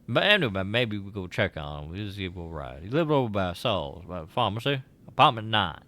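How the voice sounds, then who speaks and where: A man reading a game note aloud as a worried middle-aged male bar owner, with loud, excited delivery. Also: on the low side, brisk, heavily acted. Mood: agitated.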